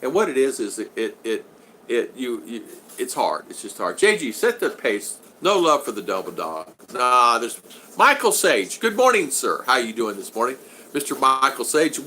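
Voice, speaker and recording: An American man chats casually on a live stream from his home in the Philippines, welcoming viewers one by one. His voice is bright and his pitch jumps around a lot as he rambles between shout-outs. A faint background noise sits under the talk. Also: sing-song, moderate pace.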